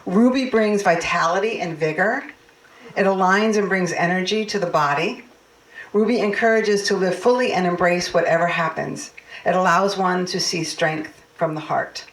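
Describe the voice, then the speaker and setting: Low-voiced woman minister in echoey hall. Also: moderate pace. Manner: earnest, heartfelt, personal. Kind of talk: sermon and anniversary blessing. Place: church sanctuary. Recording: echoey hall, mic far off.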